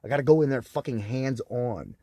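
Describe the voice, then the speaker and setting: A man's voice: mid-range voice, expressive, fairly quick, mellow, slightly rough, no echo, clean studio sound. A young man in a rambling, agitated, profane monologue to camera, swearing constantly. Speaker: vlogger.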